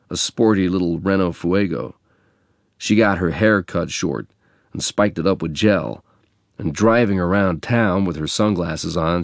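A man from England narrating a memoir in a measured, reflective reading. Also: low-pitched, gravelly, dry recording, clean studio sound.

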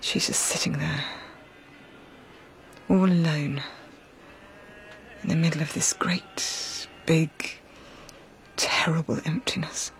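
An actress playing a lonely, self-doubting woman who speaks in a hushed, halting half-whisper. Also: low-pitched, fairly even intonation. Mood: wistful.

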